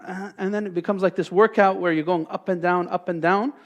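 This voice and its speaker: High-voiced man teaching in a lecture. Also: fairly even intonation, a little fast. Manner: explanatory, asks and answers his own questions. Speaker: Islamic teacher. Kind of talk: classroom lecture. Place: mosque classroom.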